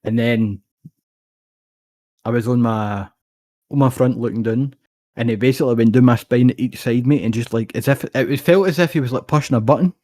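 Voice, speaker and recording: A young man with a Scottish accent tells a story at a rapid clip. He rambles and swears freely in relaxed podcast chat. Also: mid-range voice. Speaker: podcast co-host. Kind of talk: casual chat.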